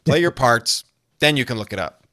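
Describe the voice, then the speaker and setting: A comedy songwriter appears as a podcast guest in a casual interview, rambling through asides and laughing often. His medium-pitched voice is bright and forceful with lively intonation at normal speed, captured in clean studio sound with no room sound.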